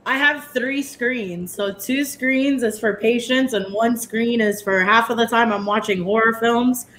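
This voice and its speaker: A woman's voice: a little high, fairly even intonation, measured pace, crowd noise. A woman on a casual show review panel, chatty and laughing as she tells stories. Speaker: podcast panelist.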